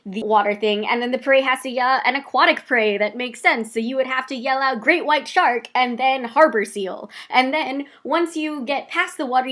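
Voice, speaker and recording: A woman in her twenties, chatty and animated, telling personal stories to the camera with quick asides. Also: high-pitched. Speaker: vlogger. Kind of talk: casual personal storytelling to camera.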